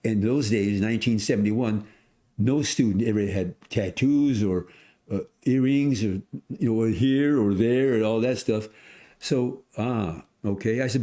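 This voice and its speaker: A man of a hundred, a podcast guest, telling a story in casual conversation, animated, acting out voices and restarting often. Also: lowish voice, unhurried. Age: 100s.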